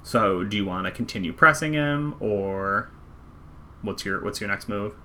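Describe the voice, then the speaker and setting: A man's voice: fairly low pitch, lively intonation, measured pace, pushed and bright, slight background noise. A man narrating a tabletop game as game master in a casual, rambling way. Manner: casual, filler-heavy, conversational.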